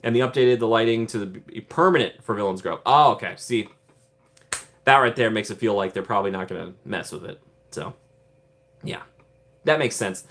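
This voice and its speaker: A man's voice: lowish voice, normal speed, long pauses, fairly bright tone. A man hosting a casual live stream who answers viewer comments in a rambling, chatty way, repeating himself and laughing often. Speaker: streamer host.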